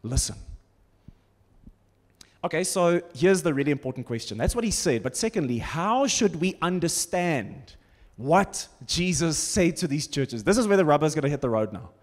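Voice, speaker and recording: A man's voice: a little high, big pitch swings, normal speed. A man preaching a sermon as pastor, conversational and humorous with sarcastic asides. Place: large church auditorium. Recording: long church-hall reverb.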